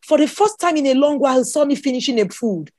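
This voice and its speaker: Lively Nigerian woman telling a story. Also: sits high, fast, no echo. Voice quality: expressive, exclaims often, laughs while telling. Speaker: guest. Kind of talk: animated personal storytelling.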